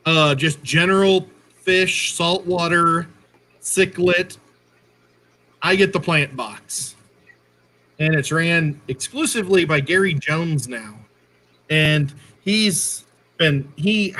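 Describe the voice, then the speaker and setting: A man's voice: fairly high pitch, sharp tone. A man co-hosting a casual livestream, chatty and jokey, often stopping to correct himself. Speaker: co-host.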